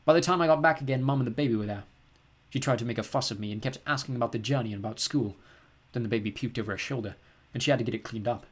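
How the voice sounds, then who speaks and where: A man reads an audiobook aloud in the first person. His husky, mid-pitched voice tells the story calmly and plainly. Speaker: audiobook reader.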